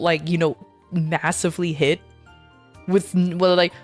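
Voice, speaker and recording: A woman's voice: fairly low pitch, little pitch movement, measured pace, pauses often, faint music behind. A woman VTuber streamer chatting casually while gaming, rambling and ranting in an exasperated way.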